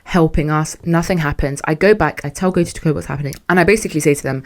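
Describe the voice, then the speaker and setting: A young adult woman hosting a podcast, telling a story in a casual, animated and exasperated way, full of slang. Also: low-pitched, fast, hardly any pauses. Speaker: podcast host.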